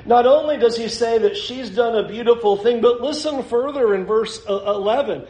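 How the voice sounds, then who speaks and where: A man's voice: very high voice, moderate pace, hardly any pauses, dark tone. A male pastor preaching a sermon in a conversational way, talking straight to the congregation with casual fillers. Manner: conversational, addresses the congregation directly; uses many fillers and hedging phrases. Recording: echoey room.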